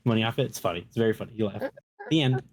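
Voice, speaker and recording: Man, Minnesota accent, low voice, laid-back, swears a lot, podcast co-host. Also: rapid-fire, darkish tone. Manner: profane, storytelling, laid-back. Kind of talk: casual chat.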